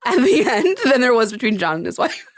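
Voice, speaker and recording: A woman's voice: fairly high pitch, big pitch swings, fairly quick, no echo. A young adult woman co-hosting a podcast in casual chat, laughing often and acting out quotes from a film. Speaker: podcast co-host.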